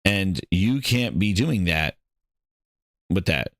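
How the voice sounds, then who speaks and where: Animated man ranting about games. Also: sits low, takes it slowly, no echo, clean studio sound. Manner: ranting, animated, repeats himself. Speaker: podcast host. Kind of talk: casual gaming commentary.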